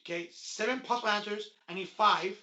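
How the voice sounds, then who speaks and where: A man with a high, bright voice co-hosts a casual sports chat, hedging and second-guessing as he works through quiz answers. His voice bounces around an echoey room. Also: brisk, lo-fi sound. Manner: unsure, second-guessing, mild swearing. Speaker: podcast co-host.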